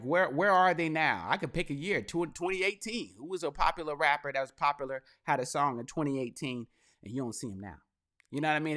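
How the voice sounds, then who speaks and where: A young man hosting his own podcast, talking casually and with energy, swinging into loud, laughing mock rants. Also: mid-range voice. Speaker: podcast host. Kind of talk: casual commentary monologue.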